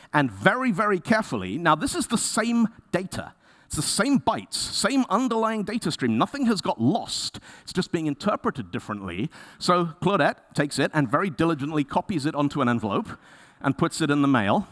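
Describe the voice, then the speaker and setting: A man giving a conference talk, telling stories in a lively way and acting out the people he quotes. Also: a little high, moderate pace. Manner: lively storyteller, acts out quoted voices. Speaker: conference speaker. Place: conference stage.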